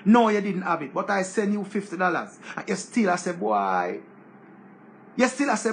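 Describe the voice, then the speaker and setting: Gravelly high-pitched Jamaican man ranting. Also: brisk, slight background noise. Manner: preachy, repetitive, animated rant. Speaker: commentator. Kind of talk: casual monologue.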